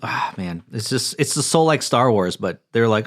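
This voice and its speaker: A man's voice: medium pitch, animated, moderate pace, fairly bright tone. A man co-hosting a podcast, chatting casually and wondering aloud with lots of filler words. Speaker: podcast co-host. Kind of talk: casual chat.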